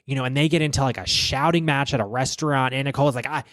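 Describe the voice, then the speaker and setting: A man rambling through gossip on his podcast, swearing often and stacking one aside on another. His voice sits at an ordinary middle pitch. The studio sound is close and dry, with no room echo. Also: fast. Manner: profane, rambling, animated. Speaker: podcast host. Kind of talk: casual gossip commentary.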